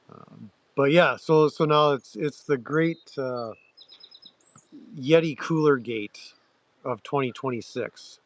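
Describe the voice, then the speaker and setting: A man hosting a livestream, chatting loosely to viewers with crude slang, halting restarts and frequent throat-clearing. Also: mid-range voice, no room sound, highs cut off. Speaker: livestream host. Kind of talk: rambling casual chat to viewers.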